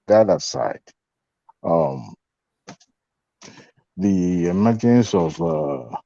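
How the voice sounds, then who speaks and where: A man giving closing remarks on an online panel, speaking slowly with many pauses and fillers. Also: sits low, gravelly, mellow, slightly rough, muffled recording. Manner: slow, halting, many fillers.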